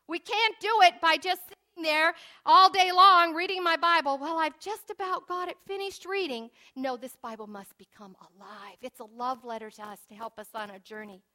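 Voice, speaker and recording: A woman preaching a sermon in an earnest way, moving from hushed asides to emphatic declarations. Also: high voice, moderate pace, hardly any pauses.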